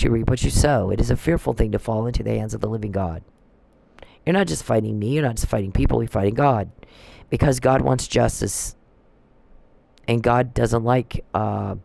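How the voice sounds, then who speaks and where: A man's voice: mid-range voice, moderate pace, gravelly, dark tone, no echo, poor audio. A man delivering a preachy, emphatic religious monologue and quoting scripture.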